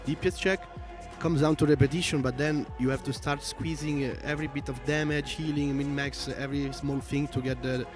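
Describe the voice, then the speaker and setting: A man's voice: medium pitch, fairly even intonation, fairly quick, few pauses, music in the background. A man with a strong Italian accent, giving casual livestream commentary and explaining things at length with lots of fillers. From Italy. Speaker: esports co-commentator.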